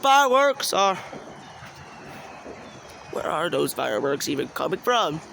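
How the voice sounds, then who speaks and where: A man's voice: a little high, big pitch swings, unhurried, vocal fry. A man vlogging outdoors into a handheld phone, jumpy and exclaiming, with lots of swearing. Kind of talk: casual vlog commentary. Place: outdoors at night during fireworks. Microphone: handheld phone camera. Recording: noisy outdoor phone recording.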